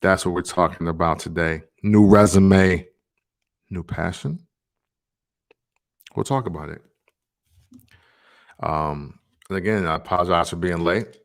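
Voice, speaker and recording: A man's voice: sits low, measured pace, pauses often. A man in his thirties hosting a casual vlog, talking in a laid-back, rambling way with lots of fillers. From Tennessee, USA. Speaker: vlog host.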